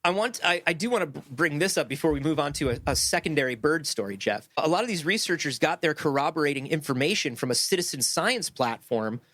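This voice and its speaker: A man co-hosts a podcast in a loose, comedic back-and-forth, slipping into silly voices to act out quotes. His voice sits on the higher side. The sound is dry and close, with no room around it. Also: lively intonation, fast talker, few pauses, a bit bright, dry recording. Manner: playful, jokey, acts out quotes. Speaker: podcast co-host. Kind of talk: casual comedic chat.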